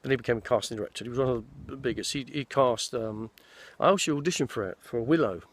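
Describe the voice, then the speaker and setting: A man speaks quickly at medium pitch. He's an actor in his sixties out in a forest, casually trading meandering anecdotes about his film career, with plenty of restarts.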